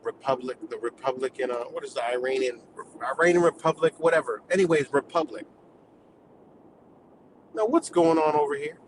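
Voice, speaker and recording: A man's voice: medium pitch, normal speed, a little hiss or hum, poor audio. A man from the United States on a live stream, delivering a heated, profane, rambling rant.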